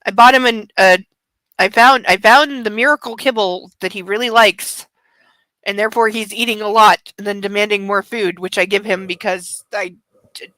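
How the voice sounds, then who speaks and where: A woman's voice: mid-range voice, steady tone, normal speed, bright, forceful tone, no room sound. A woman streaming from home, chatting casually in a rambling way and talking fondly to her dog. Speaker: streamer reading aloud to chat. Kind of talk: casual livestream chat.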